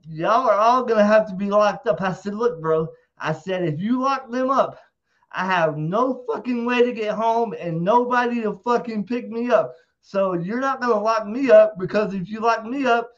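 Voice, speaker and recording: High-voiced man telling a wild story. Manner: profane, animated, acts out quotes. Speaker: interview guest. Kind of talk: casual storytelling. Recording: dull lo-fi audio.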